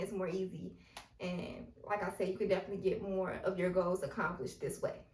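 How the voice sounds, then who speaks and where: A woman's voice: medium pitch, a little mellow. A young woman chats casually through her advice, leaning on "like" as she goes. Her voice sits a little back from the microphone. The room around her rings noticeably. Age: young adult. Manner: chatty and conversational, heavy use of filler "like". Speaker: vlogger giving self-improvement tips. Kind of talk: casual advice talk to camera. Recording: roomy and distant from the mic.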